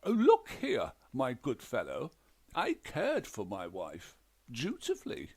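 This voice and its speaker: A man's voice: medium pitch, wildly swooping pitch, slow pace, darkish tone, breathy edge, pitched above the performer's own voice, full character voice. A man voicing a fussy, pompous, defensive widower. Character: fussy, prim, pompous middle-aged widower.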